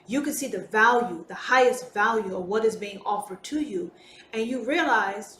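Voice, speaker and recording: A woman hosting a solo podcast monologue, talking in an emphatic, deliberate way and swearing freely. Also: mid-range voice, fairly bright tone. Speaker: podcast host. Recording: roomy with faint background noise.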